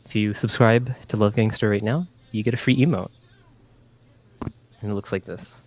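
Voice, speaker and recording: A man's voice: fairly low pitch, fairly even intonation, normal speed, a little mellow. A man casting a video game match live, teasing his co-caster with questions. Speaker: esports caster.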